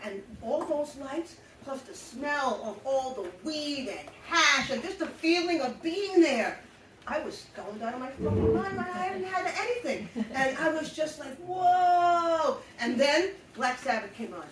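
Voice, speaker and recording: Middle-aged New woman, high and animated, live storyteller heard from a distance in an echoey room. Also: a little slow, noisy background. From New York. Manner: animated, laughing often, blunt and salty. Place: live show venue. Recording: roomy echo, mic at a distance.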